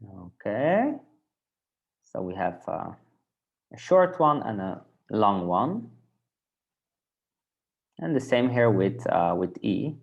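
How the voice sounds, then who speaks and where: Slow, gravelly man teaching. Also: lowish voice, very animated, dull audio. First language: Dutch. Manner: patient, repeats words for learners to copy. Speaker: language teacher. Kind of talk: language lesson.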